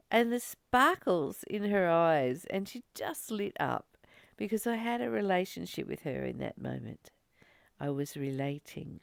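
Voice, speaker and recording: A woman talks through a spiritual lesson in a reflective, storytelling way. Her voice sweeps widely up and down, with a gravelly edge at the bottom. The sound is close and dry, with no room around it. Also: fairly low pitch, a little slow, no echo. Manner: animated storytelling, with laughs. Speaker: spiritual teacher. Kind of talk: reflective spiritual teaching monologue.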